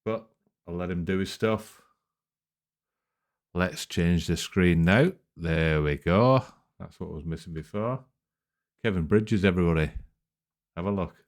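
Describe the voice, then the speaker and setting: A man's voice: low-pitched, unhurried, long pauses. A man hosting a reaction video, chatting casually and rambling with lots of ums. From England. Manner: laid-back, rambling with many ums. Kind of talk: casual chat.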